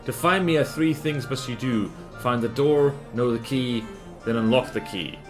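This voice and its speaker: A man's voice: medium pitch, normal speed, over music, close to an everyday voice. A man voicing an ancient, cryptic hag in a put-on Scottish accent, speaking in riddles with twisted word order. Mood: riddling. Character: ancient cackling hag crone, cryptic and possessive.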